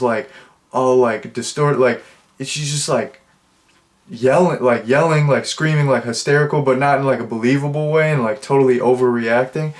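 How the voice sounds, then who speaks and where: A middle-pitched man rambles through a relaxed, unscripted film review, cramming "like" into nearly every phrase. Amused and offhand, he keeps restarting sentences and wandering off on tangents.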